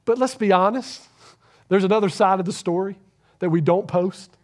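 A man preaching a sermon to a church congregation, earnest, swinging between loud emphasis and hushed, near-whispered lines. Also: high voice, moderate pace. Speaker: pastor.

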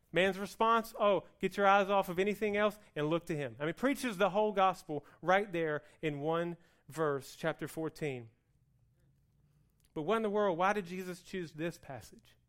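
Male pastor, high voice, dramatic sermon delivery, acts out the complaints in a whiny tone. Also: smooth. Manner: animated preaching, swings from loud to hushed; plays out the people's complaints in a whiny voice.

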